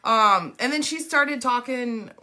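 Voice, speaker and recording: A woman with a bright, fairly high voice chats casually, filling her talk with "like". She retells what others said in quoted voices. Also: takes it slowly. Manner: chatty, many fillers like "like", acts out quotes. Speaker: podcast co-host, medium. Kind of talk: casual storytelling chat.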